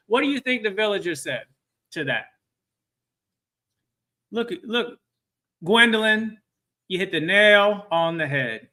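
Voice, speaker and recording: High, bright-voiced male webinar presenter. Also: expressive, unhurried, pauses often. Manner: engaging, quizzes the audience often. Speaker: workforce training webinar presenter. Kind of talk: live webinar talk with storytelling.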